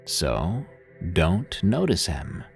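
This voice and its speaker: Calm spiritual advisor, slow and measured, low voice, voiced by a male narrator. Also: creaky, faint music behind, heavily acted.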